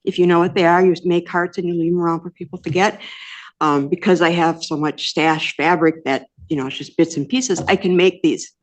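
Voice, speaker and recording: Older woman defendant, low voice, earnest, hesitant, rambling. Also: steady tone, fairly quick. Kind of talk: courtroom testimony.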